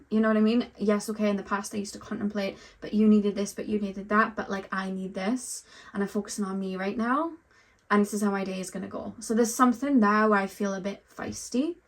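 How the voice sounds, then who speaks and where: A woman's voice: mid-range voice, fairly even intonation, fairly quick. A woman giving a pick-a-card tarot reading, chatty and full of ums and likes, talking straight to the viewer. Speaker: tarot reader.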